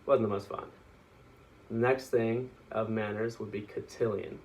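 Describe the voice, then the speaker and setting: A man's voice: fairly low pitch, fairly even intonation, a little slow, creaky, darkish tone, distant mic, slight background noise, low-quality recording. Young man giving a class speech. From Texas. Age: young adult. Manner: casual, joking, with small restarts.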